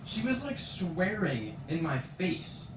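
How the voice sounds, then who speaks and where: Teen guy venting on stream, high voice, cussing a lot, sits back from the mic in an echoey room. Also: very animated, slow, noisy background. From Canada. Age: teens. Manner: frustrated, swears often, retells scenes with quoted voices. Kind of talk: ranting casual stream chat. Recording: roomy echo, distant from mic.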